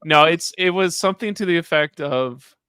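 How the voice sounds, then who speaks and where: Smooth-voiced man in casual recap chat. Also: a little high, sharp tone, no echo. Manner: chatty, quick to mimic people in quotes. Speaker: co-host of a reality TV recap show.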